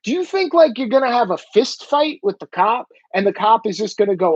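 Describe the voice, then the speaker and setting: A man in his thirties rants into the camera, swearing freely and at times bursting into shouts. His voice is husky and breathy at an ordinary pitch. The sound is dry and a little dull. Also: fairly quick, hardly any pauses, dry recording. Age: 30s. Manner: animated, profane, bursts into shouting. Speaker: commentator. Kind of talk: profane opinion rant.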